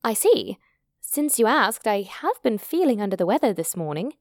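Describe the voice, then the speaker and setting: A prickly young woman on holiday, feverish and short-tempered, speaking high and clipped, as a woman reads her part in a storybook. The recording is close and dry, with no room sound. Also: very animated, moderate pace, no room sound. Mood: irritated.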